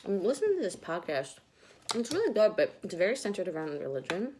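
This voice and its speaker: A woman's voice: medium pitch, wildly swooping pitch, brisk, background noise. A woman vlogger chatting casually and rambling between bites of food at home. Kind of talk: casual eating vlog chat. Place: home, at a table with dogs nearby.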